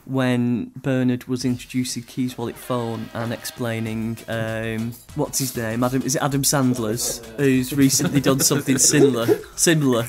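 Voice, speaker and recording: A man's voice: mid-range voice, little pitch movement, moderate pace, few pauses, music in the background. A man, a laid-back band member chatting casually on a podcast.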